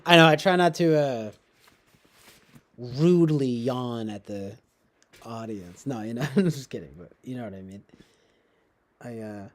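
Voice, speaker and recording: A man hosting a casual livestream, responding to chat in a rambling, halting way with many restarts and occasional chuckles. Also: medium pitch. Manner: chuckles often while talking. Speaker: livestream host reading chat.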